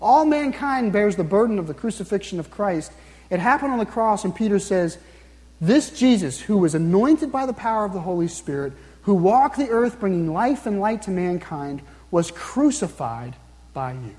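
A man preaching with an earnest, searching manner, pressing his listeners again and again and slowing down when he reads scripture. His voice sits high yet mellow. A long reverb trails after his words, as in a large hall. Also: sing-song. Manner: earnest, repeats questions to the listener, slows down to read scripture. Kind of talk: sermon.

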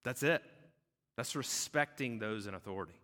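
A man preaching a sermon as pastor, conversational and animated, often checking in with "right?". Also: fairly low pitch, moderate pace. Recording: echoey hall with long reverb.

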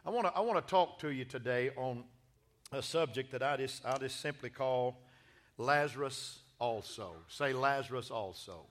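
A man's voice: mid-range voice, moderate pace. A man, a pastor giving a church sermon and announcements in a folksy, joking, exuberant way. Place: church sanctuary.

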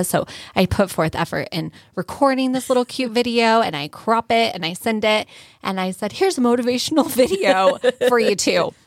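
A woman's voice: medium pitch, no room sound, clean studio sound. A woman co-hosting a casual podcast, playful and teasing as she jokes with her friend. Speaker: podcast co-host.

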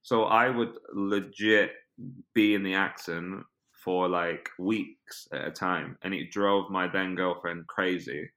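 A British man, an actor and filmmaker, chatting as an interview guest with a rambling, animated way of telling stories and lots of "like" fillers. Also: low voice, slow. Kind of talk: casual interview chat.

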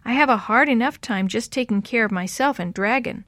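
Woman reader playing a kindly, wistful old lady; gentle and slow, dry close sound. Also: on the high side, no room sound, lightly acted. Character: lonely elderly woman, kind and wistful. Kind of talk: audiobook character reading.

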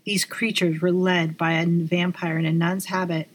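A woman narrating a dark first-person story in a measured, dramatic reading. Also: fairly low pitch, flat delivery. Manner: measured, slowing on dramatic lines.

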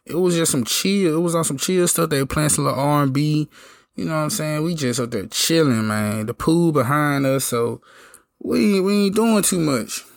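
A hoarse man telling a story in a casual, slangy, laid-back way. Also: on the high side, normal speed, dry recording, studio quality. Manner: laid-back slangy talk, lots of "you know what I'm saying". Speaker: podcast host telling a story.

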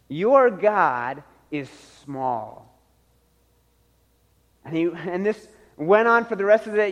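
A man preaching a sermon in a high voice, acting out the voices in the story and laughing often as he goes. His words ring out with a long reverb, as in a big hall. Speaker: pastor.

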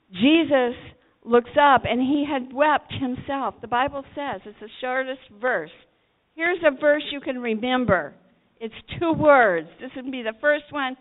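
High-voiced woman preaching, tinny sound. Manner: swings from hushed to shouted with dramatic pauses. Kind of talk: sermon storytelling.

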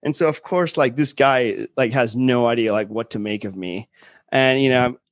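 A man on a podcast telling a prank story with lively quoted voices. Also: mid-range voice, moderate pace, no echo, clean studio sound. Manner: animated storyteller, acts out quotes. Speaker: guest. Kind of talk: casual storytelling chat.

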